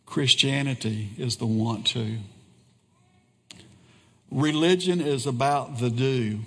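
Slow, earnest male preacher in a hall. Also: mid-range voice, fairly bright tone, slightly rough. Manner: slow, earnest preaching with pauses and repeated phrases. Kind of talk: sermon.

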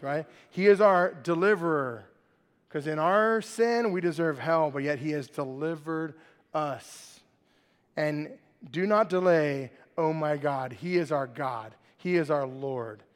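A man preaching a lively sermon to a live congregation, joking with the crowd and often asking "right?". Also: fairly high pitch. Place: large church hall with congregation. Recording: long hall reverb.

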